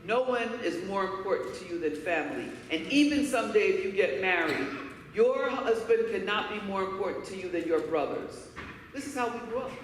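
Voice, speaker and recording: A little hiss or hum sits under a brisk, medium-pitched female voice with lively intonation. She's a keynote speaker from Harlem, New York, recounting personal stories in an emphatic, candid way, heard from far off in an echoey hall.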